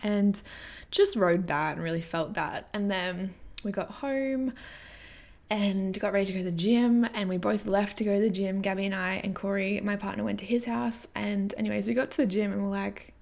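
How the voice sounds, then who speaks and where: Candid, swearing young woman with a gravelly voice. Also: mid-range voice, a little fast, darkish tone. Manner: candid, swears freely, laughs often. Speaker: personal growth vlogger. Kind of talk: casual storytelling and coaching talk.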